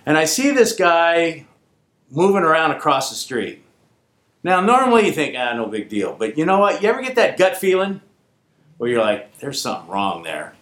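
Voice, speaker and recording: Animated man telling a story, echoey room. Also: fairly high pitch. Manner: animated, acts out quoted voices. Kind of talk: casual spoken anecdote.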